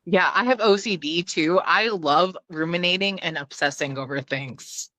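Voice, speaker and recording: A woman's voice: fairly low pitch, normal speed, bright, forceful tone, no echo. A woman talking as a podcast guest in casual conversation, chatty and full of fillers, with the odd swear. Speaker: podcast guest, clowning teacher.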